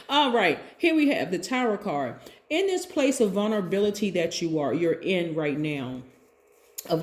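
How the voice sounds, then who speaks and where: A woman's voice: on the low side, a little mellow. A woman giving a casual tarot reading, talking chattily and peppering her talk with rhetorical questions. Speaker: tarot reader. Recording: roomy echo.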